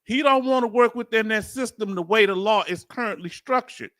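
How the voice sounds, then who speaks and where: Speaking briskly in a high-pitched voice, this Southern-accented, middle-aged man from Houston, Texas, comments casually on a livestream. A veteran YouTube host, he addresses his viewers with lively preacher-style call and response, captured in a dry, clean studio recording.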